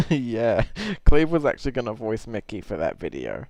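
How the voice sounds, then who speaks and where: A man's voice: lowish voice, dry recording. A man hosting a casual Q&A stream, chatting with a friend and laughing easily. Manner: laughs easily, quick and animated. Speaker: host. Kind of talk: casual chat during a livestream Q&A.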